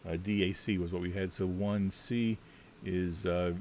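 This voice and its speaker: Brief: deep-voiced man, chatty and rambling, narrating his solo tabletop play; faint hiss underneath. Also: steady tone, a little slow. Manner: rambling, chatty, thinks out loud with many fillers. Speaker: solo tabletop game player. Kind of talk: casual thinking-aloud game walkthrough.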